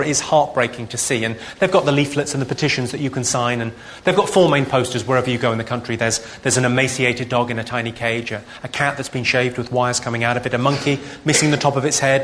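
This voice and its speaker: A man performing a stand-up comedy set, delivering dry deadpan one-liners. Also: medium pitch. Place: live comedy venue. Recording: live show with loud background noise.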